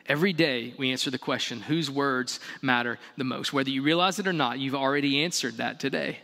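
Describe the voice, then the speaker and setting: A male pastor preaching a sermon in a large church hall, emphatic, full of repeated rhetorical questions, swinging between loud and hushed. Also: medium pitch, fairly quick, creaky. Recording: long reverb of a large hall.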